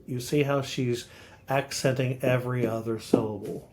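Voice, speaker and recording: A man's voice: mid-range voice, fairly even intonation, a little slow, dark tone, a little hiss or hum. An older man co-hosting a podcast, explaining poetic meter in a teacherly way and tapping out rhythms as he recites verse. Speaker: podcast co-host, literature scholar. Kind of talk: casual explanatory chat.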